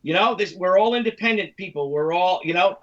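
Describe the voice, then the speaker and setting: A man co-hosting a podcast in loose chat, his voice pitched high and a little distant from the mic. He rambles through stories and acts out the voices of people he quotes. The recording sounds muffled and lo-fi. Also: a little fast, a loud crowd. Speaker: podcast co-host. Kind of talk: casual chat.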